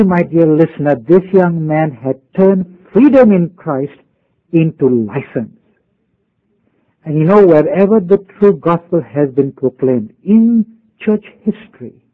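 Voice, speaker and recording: A middle-aged pastor preaching a radio sermon, telling a story and acting out both sides of the conversation. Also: male voice, a little high. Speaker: pastor and missionary. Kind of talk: radio Bible teaching. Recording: phone-like radio broadcast.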